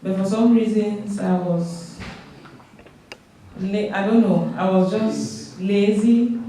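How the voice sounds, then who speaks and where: A woman's voice: mid-range voice, slow, dark tone, slight background noise. Woman giving earnest testimony in an echoey hall. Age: young adult. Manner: earnest storytelling, acts out dialogue with God. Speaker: church member giving testimony. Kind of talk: testimony in church. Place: large church hall. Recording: echoey church hall from far off.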